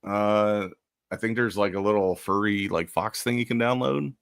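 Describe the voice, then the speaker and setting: A man's voice: fairly low pitch, normal speed, creaky, dry recording. A man co-hosting a live stream in casual chat, with dry sarcastic remarks.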